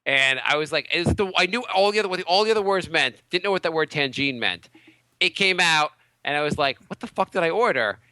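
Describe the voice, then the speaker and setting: A man's voice: a little high, expressive, fast talker, pushed and bright, no echo. A man co-hosting a casual podcast, rambling through stories and restarting his sentences. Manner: rambling, many fillers and restarts. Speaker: podcast co-host.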